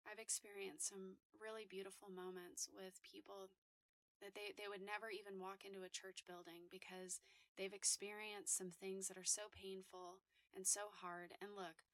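A woman's voice: medium pitch, level tone, normal speed, fairly bright tone, dry recording. A woman hosting a faith podcast, giving her testimony and urging listeners in an earnest, emphatic way with repeated phrases. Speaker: podcast host sharing testimony.

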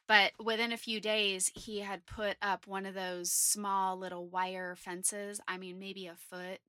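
A woman in her thirties hosting a faith podcast, telling a personal story in a chatty, candid, animated way. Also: medium pitch, a little slow, no echo, clean studio sound. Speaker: podcast host.

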